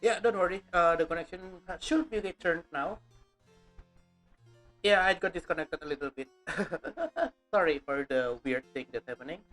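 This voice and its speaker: A woman's voice: on the low side, animated, moderate pace, fairly bright tone, soft background music. A woman streaming a game, chatting casually with playful, jokey asides. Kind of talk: casual live-stream commentary.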